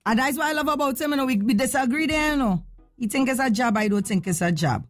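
A woman hosts a call-in radio show in a fairly high voice. She talks in an animated, opinionated way and keeps throwing rhetorical questions at her listeners. Faint music plays under her. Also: fast.

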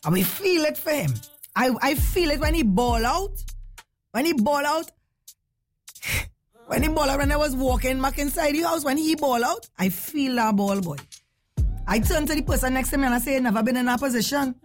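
Lively, high-voiced woman hosting a morning radio show, casual chat over faint music. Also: normal speed. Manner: lively, chatty, laughs often.

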